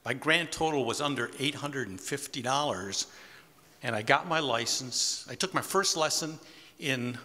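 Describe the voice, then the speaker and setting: In a community center hall, a man in his sixties tells a live audience a personal story, easygoing and wry in a conversational style. His voice is medium-pitched, bright and forceful, at normal speed, with long hall reverb.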